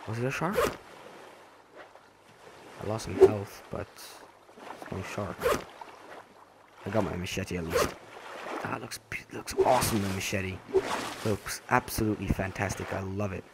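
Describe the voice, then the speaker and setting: A man's voice: low voice, measured pace, gravelly, long pauses. A young man casually narrating a survival game as he plays, stumbling over and repeating his words, then jumping at sudden scares. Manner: jumpy reactions to in-game scares. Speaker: gaming channel host. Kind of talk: casual let's-play commentary. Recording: voice over noisy game sound.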